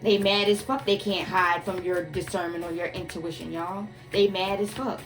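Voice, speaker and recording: A woman's voice: lowish voice, little pitch movement, normal speed, soft background music. A woman doing a casual tarot reading for her viewers, emphatic and profane, calling them "y'all" and "collective" again and again. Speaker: tarot reader.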